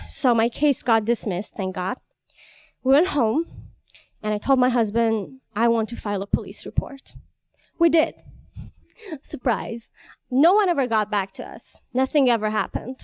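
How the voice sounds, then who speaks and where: A young woman from Iran, telling a personal story on stage in an animated, wry way. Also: fairly high pitch, normal speed, no room sound, clean studio sound. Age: young adult. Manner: animated, wry, laughs between lines.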